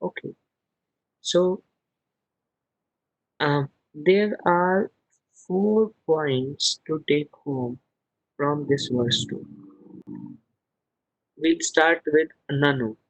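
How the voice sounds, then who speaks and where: A man gives a scripture class over a video call, walking through each verse one word at a time and chanting the Sanskrit. His voice sits a little high and has a slightly husky edge. The sound is dry and close, with no room around it. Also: drawn-out words, long pauses, no echo, rough recording. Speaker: spiritual teacher.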